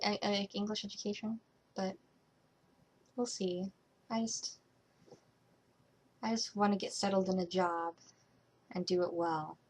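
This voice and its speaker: A young adult woman vlogging casually, rambling with many fillers and restarts, her voice trailing off quietly at the ends of thoughts. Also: on the low side, a little hiss or hum.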